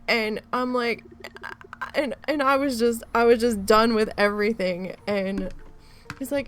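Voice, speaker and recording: A woman's voice: on the high side, fairly even intonation, a little slow, fairly bright tone, a little hiss or hum. A woman streamer chatting casually while she plays, rambling through a story and swearing freely. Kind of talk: casual chat while gaming.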